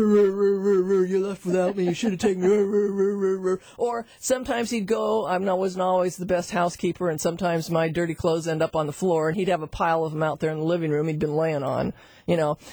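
A middle-aged woman teaching animal communication through a chatty, animated personal story, with frequent asides to her listener. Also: on the low side, slightly rough, dry recording. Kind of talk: storytelling lesson.

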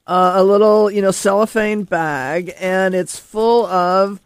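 A man's voice: high-pitched, steady tone, slow pace, smooth, no echo, clean studio sound. A man hosting a casual chat, talking in a rambling way with many ums and restarts. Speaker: host.

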